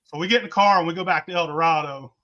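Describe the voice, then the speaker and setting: A man's voice: fairly high pitch, very fast, bright, forceful tone, dull audio. A man, telling a rowdy, profane story in casual talk and laughing as he goes. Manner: rowdy, swears constantly, laughs mid-story. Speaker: podcast host telling stories.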